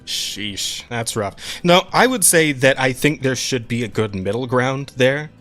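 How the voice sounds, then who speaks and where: A man's voice: mid-range voice, animated, measured pace, a bit bright, faint music behind. A man co-hosting a podcast in casual chat, rambling and profane, with many restarts and frequent laughs. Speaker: podcast co-host.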